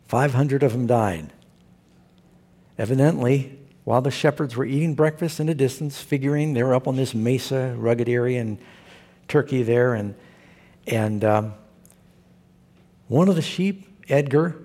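A Southern California pastor with a mellow, husky, mid-range voice preaches a sermon. He tells humorous stories and poses rhetorical questions to his congregation.

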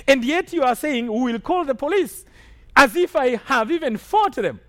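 A man's voice: high voice, a bit bright. A man from Rwanda preaching a sermon testimony, telling his story emphatically and checking in with the congregation. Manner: emphatic storytelling with call-and-response asides.

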